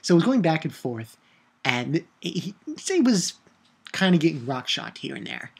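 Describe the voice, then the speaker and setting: A man giving a casual video review of an anime episode, excitable and rambling, swearing and shouting out his own reactions. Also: fairly high pitch, moderate pace, gravelly, husky. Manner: rambling with restarts and filler.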